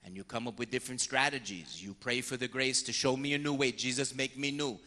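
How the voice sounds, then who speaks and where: A priest giving a lively sermon on confession, acting out penitents and priests in short voices. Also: male voice, mid-range voice, quick pace, long reverb tail. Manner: animated storyteller, slipping into voices of penitents and priests.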